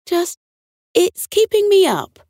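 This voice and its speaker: A woman voicing a gentle, polite male beaver in a bedtime storybook, earnest and softly pleading. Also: very high voice, big pitch swings, takes it slowly, dry recording, studio quality, voice pushed up, full character voice.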